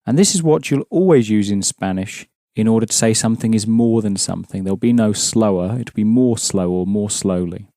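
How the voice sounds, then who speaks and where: A man's voice: lowish voice, fairly quick, few pauses, mellow, no echo, clean studio sound. A man teaching a language lesson, explaining patiently and prompting his students with questions.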